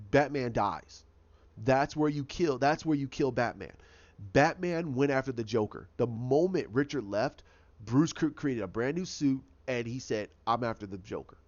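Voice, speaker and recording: A man's voice: medium pitch, a little mellow, dull audio. A man giving a casual, rambling recap of a TV episode, often repeating himself and restarting his sentences. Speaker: show recap host.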